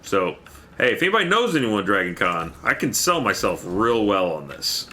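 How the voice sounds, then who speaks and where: Very deep, forceful male streamer. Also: big pitch swings, normal speed, a little hiss or hum. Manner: rambling, thanks viewers by name between gameplay remarks. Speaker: livestreamer. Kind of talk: casual chat while playing a game.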